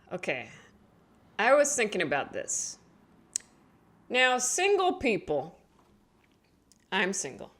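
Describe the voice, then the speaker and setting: An animated woman in her thirties talks through a loose comic monologue. Her voice is bright and her pitch leaps around, and she drawls slowly between bursts. She drops to mumbled asides, then shouts out her punchlines. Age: 30s. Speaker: comedian, podcast host. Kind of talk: casual comedic monologue.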